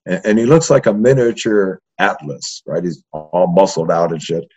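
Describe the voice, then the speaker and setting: Animated older man telling stories. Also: low-pitched, normal speed, husky. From East Los Angeles. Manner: profane, animated, keeps adding "right?". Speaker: interview guest, history professor. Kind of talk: casual storytelling. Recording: dull lo-fi sound.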